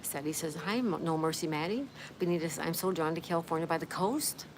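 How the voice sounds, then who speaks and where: A woman with a fairly low voice hosts a relaxed livestream outdoors, reading viewer comments aloud and welcoming each one by name. Her friendly chatter sits over a steady hiss of outdoor background noise. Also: fast. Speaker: livestream host.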